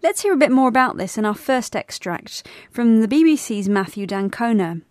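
A woman co-presenting a scripted educational podcast, explaining vocabulary clearly. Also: a little high, lively intonation, normal speed, a little mellow, no echo, studio quality.

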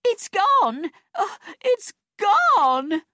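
Woman voicing a shrieking, panicked wealthy old lady, high and loud, storybook reading. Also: big pitch swings, very slow, no room sound, clean studio sound, heavily acted. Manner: shrill, screaming and panicked. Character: rich old woman screaming about stolen bag.

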